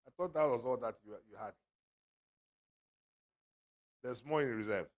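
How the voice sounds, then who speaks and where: A man's voice: mid-range voice, quick pace. Jovial man auctioneering. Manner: jovial, teasing, bursts of laughter. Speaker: auctioneer at a book launch. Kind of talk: lively fundraising banter. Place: event hall.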